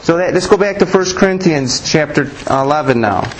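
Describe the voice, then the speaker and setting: A man's voice: on the high side, lively intonation, brisk, background noise. A man preaching a Bible teaching sermon, asking rhetorical questions and often restarting his sentences.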